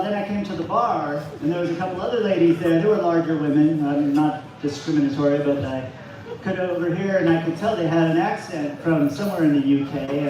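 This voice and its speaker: A man doing a halting, self-deprecating stand-up set at an open mic in a bar. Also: on the high side. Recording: echoey venue from far off, noisy.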